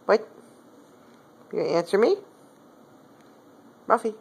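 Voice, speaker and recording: A woman at home, filming on her phone and talking in coaxing, affectionate pet talk to her cat, her voice swooping up high. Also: very animated, slow, gravelly, pauses often. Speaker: pet owner. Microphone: phone camera.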